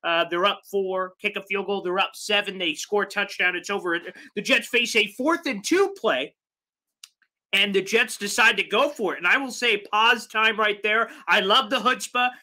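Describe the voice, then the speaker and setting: A man hosting a live sports fan show, ranting with exasperation, swinging between loud outbursts and low mutters. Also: normal speed. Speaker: sports podcast host.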